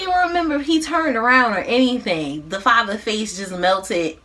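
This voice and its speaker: A woman vlogger casually recapping a movie, with animated, slangy, profane storytelling. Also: on the high side, moderate pace, few pauses. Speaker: mukbang vlogger.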